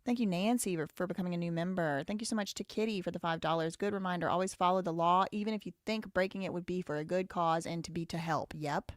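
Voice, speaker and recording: Her tone is steady and she talks fast with few pauses, with no echo and clean studio sound. As a Southern US livestream host, she goes through super chats with outspoken, blunt commentary, rising loud and high whenever she gets worked up.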